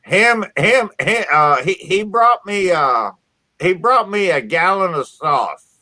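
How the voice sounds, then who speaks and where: A man's voice: high voice, lively intonation, slow pace, bright, forceful tone, dry recording. A man from southern Indiana hosting a casual chat, swearing freely and stumbling over restarts. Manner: profane, stammering restarts. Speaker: podcast host.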